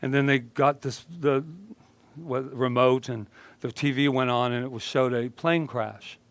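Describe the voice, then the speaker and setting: A man's voice: medium pitch, steady tone, a little slow, dry recording. A male minister giving a casual, joking sermon and chatting with his congregation. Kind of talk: conversational sermon.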